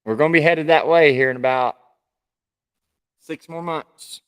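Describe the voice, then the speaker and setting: A man's voice: a little high, a little slow, smooth. A man co-hosting a casual live stream from home, chatting in an easygoing, rambling way. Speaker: livestream co-host.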